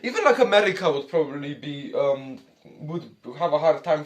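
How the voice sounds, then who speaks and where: Young man, reaction commentary, crude jokes, high pitch, lively swings in tone. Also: a little fast, hardly any pauses. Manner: crude, joking, mock Russian persona calling everyone comrades. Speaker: reaction streamer.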